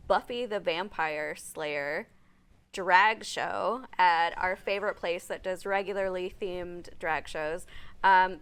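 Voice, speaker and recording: A woman's voice: medium pitch, fairly bright tone, clear, resonant tone. A woman hosting a morning show, chatting casually and reading out event listings with frequent laughter. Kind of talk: casual studio chat.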